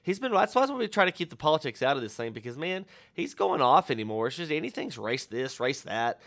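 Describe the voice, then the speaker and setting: A man's voice: a little high, big pitch swings, a little fast, a bit bright. A man hosting a podcast, rambling and joking in casual banter, often cutting himself off mid-sentence. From Texas. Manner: joking, rambling, self-interrupting. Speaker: podcast host.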